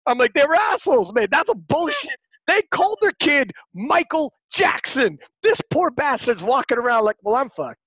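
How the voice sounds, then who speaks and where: A man in his forties hosting a casual chat, telling profane, animated stories. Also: very high voice, moderate pace, no room sound. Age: 40s.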